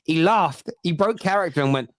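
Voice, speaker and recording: A man's voice: fairly high pitch, animated, normal speed, no room sound, studio quality. A middle-aged man with a Cockney accent, chatting casually on a football podcast and telling stories with plenty of restarts. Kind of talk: casual chat.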